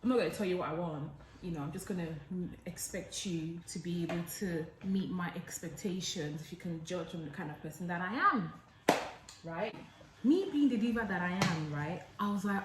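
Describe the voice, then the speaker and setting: A young Englishwoman with a fairly low voice speaks at normal speed in a reverberant, low-quality recording from her home kitchen. She's a vlogger cooking while telling a dramatic story, animatedly acting out both sides.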